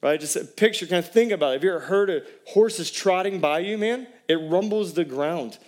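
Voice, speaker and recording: A man's voice: high-pitched, brisk, a little mellow. A man, a pastor preaching a sermon in a conversational way and putting questions to the congregation.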